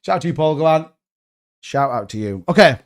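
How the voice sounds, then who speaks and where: A young man hosts a live crypto stream, his voice sitting a little high. He rambles and gets excited, talking directly to the people watching. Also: fairly quick. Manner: excitable, rambling, talks straight to viewers. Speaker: crypto channel host. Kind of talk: live-stream market commentary.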